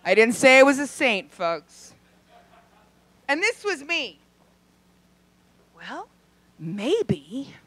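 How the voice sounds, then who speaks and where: Female stand-up comic, profane and brash, with loud outbursts; animated, higher-pitched delivery. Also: extremely slow, pauses often. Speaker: stand-up comedian. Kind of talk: stand-up comedy set. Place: comedy club stage.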